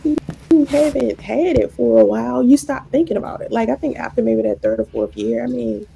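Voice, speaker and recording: A woman vlogger rambles through a story in a casual, chatty way, quoting the lines of others. Her voice is a touch high, with a gravelly fry. Faint noise sits under the recording. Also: moderate pace, mellow, poor audio.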